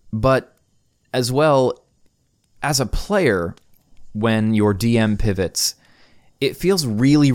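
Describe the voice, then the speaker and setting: A man's voice: on the low side, dry recording, studio quality. A young man hosting a solo podcast from a room in his house, talking casually with lots of fillers. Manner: casual, rambling, many fillers. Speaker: podcast host. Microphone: studio microphone.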